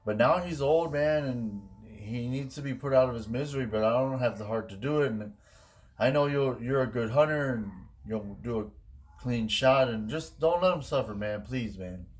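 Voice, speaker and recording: A man's voice: medium pitch, moderate pace, lightly acted. A man voicing a friendly, generous older male rancher who talks earnestly and keeps saying "man".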